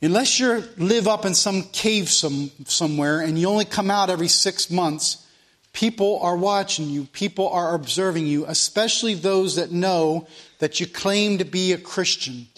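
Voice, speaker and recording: A man preaching a Sunday sermon in a high-pitched voice, stressing each point by saying it more than once. Between his own words he reads scripture aloud in the old King James phrasing. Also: moderate pace, fairly bright tone. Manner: preaching with emphatic repetition, reading scripture aloud. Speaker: pastor.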